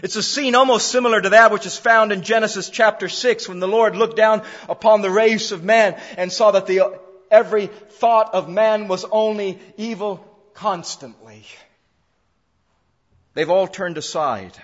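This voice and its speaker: A man's voice: sits high, moderate pace, a bit bright. A man preaching an expository sermon, emphatic, repeating phrases for stress. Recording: dull lo-fi sound in a reverberant hall.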